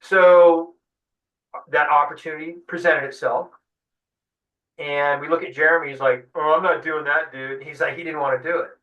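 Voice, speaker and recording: A man, a fishing guide, telling a lively story in an interview, acting out what people said. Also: fairly high pitch, normal speed, dull audio. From San Diego. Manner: animated storyteller acting out quotes. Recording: echoey room, distant mic.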